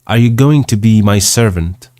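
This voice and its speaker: A man's voice: lowish voice, moderate pace, dark tone, natural voice. A man doing a haughty spoiled little girl. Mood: imperious. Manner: haughty, demanding.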